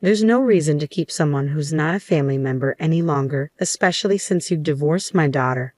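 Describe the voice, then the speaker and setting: A man's voice: on the high side, a little fast, darkish tone, no echo, lightly acted. A woman reading the lines of a stern older man, a company boss who bluntly scolds his son-in-law. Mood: cold.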